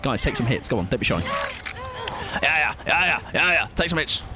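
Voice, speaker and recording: A man's voice: medium pitch, very animated, brisk, over loud music. A man streaming a live game, chatting playfully to his viewers while he plays. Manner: chatty and playful, talks to chat while playing. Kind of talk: live gameplay commentary.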